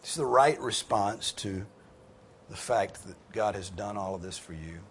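A male pastor teaching scripture to a class in a lowish voice. He is earnest and emphatic, and he climbs in pitch and volume when he wants a point to land. A faint hiss sits under the recording. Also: normal speed. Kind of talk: sermon with group discussion.

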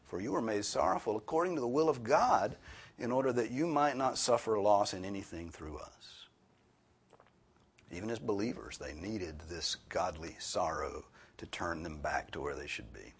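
A man delivers a sermon in a somewhat low, husky voice. His pitch moves widely and expressively, and he leans hard on key words before falling to a hushed near-whisper. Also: animated, moderate pace. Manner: emphatic, swings from loud stress to hushed near-whisper. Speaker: preacher. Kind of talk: expository sermon.

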